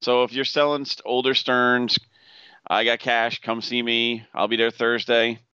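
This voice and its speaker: A man's voice: medium pitch, flat delivery, measured pace, bright, forceful tone, smooth, no echo, muffled recording. A man co-hosting a podcast in casual, profane, laughing banter. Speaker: podcast co-host. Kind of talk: casual chat.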